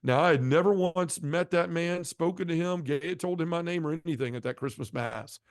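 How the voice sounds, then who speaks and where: A man's voice: fairly high pitch, moderate pace, no echo, studio quality. A middle-aged man sharing his personal testimony as an interview guest, telling his story in an earnest, heartfelt way.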